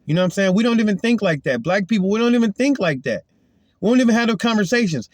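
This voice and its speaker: A man's voice: high-pitched, expressive, fast, darkish tone, no echo. A man giving an earnest, emphatic spoken testimony as a Christian, retelling a confrontation in casual talk.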